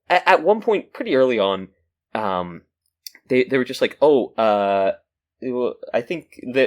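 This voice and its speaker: A man co-hosting a podcast over a call, chatting casually, his words rushing in quick bursts and then slowing right down. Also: mid-range voice, big pitch swings. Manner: words ebb and flow, fast bursts then very slow. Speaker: podcast co-host. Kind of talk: casual chat. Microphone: remote call mic.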